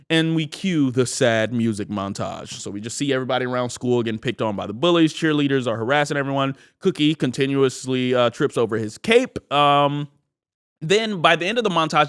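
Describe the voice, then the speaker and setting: A man's voice: mid-range voice, moderate pace, clear, resonant tone. A man in his thirties co-hosting a podcast, recapping an episode in casual chat and acting out quoted lines. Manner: animated, acts out quoted lines. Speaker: podcast co-host.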